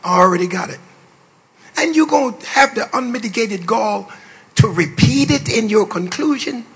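An older man, a bishop, preaching a sermon to pastors with playful, boastful asides, drawling low and then bursting into shouts. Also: animated, normal speed, husky. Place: large hall. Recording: long reverb of a large hall.

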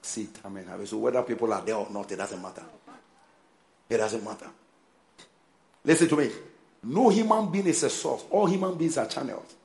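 A man's voice: mid-range voice, moderate pace, creaky, pauses often, darkish tone. A man preaching a sermon as pastor, emphatic, with call-and-response and repeated phrases.

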